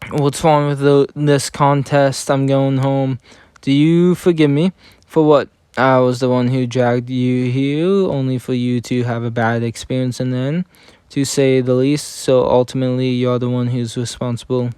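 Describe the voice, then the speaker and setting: A man reading game story dialogue aloud in a plain, even manner, often stumbling over words and correcting himself. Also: medium pitch, moderate pace, smooth, no echo, studio quality. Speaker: reader of game story scenes.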